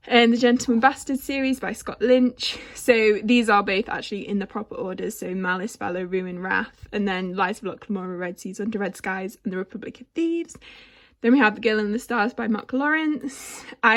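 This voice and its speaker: A young woman from England giving a casual bookshelf tour, chatty and rambling, with frequent ums and small giggles. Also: medium pitch. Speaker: book vlogger. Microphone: handheld camera.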